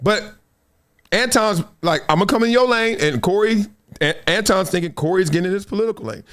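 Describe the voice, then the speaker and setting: A man hosting a podcast, giving animated, preachy commentary and acting out little quoted exchanges. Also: high-pitched, brisk. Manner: preachy, dramatic, acts out quotes. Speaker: podcast host.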